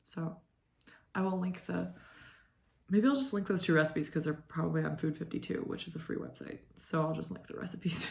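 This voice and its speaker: Low creaky-voiced young woman rambling. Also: moderate pace. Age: 20s. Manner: rambling, lots of fillers and "like". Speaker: knitting podcast host. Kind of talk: casual chat.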